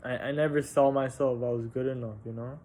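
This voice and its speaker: On a vlog, a young man casually tells a personal story in a halting, candid way, restarting often and dropping fillers and casual swearing. His mid-range voice keeps a steady tone with a darkish color.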